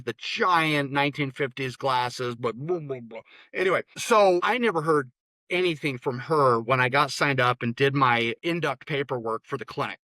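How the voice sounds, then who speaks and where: A man with a medium-pitched, pushed, bright voice, recorded dry. He's a therapist appearing as an interview guest, speaking bluntly and with strong opinions in casual interview talk, often restarting his words.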